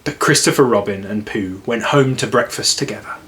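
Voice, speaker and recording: His lowish voice moves a little fast as he reads a storybook in a relaxed way. Afterward he talks about the story gently and casually, with easy laughter.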